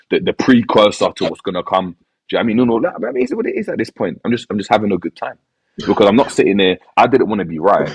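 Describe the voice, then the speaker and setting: A man's voice: deep voice, breathy edge, dry recording, poor audio. A man in a casual podcast chat, talking in a laid-back, resigned way with heavy slang and repeated phrases. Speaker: football fan panelist.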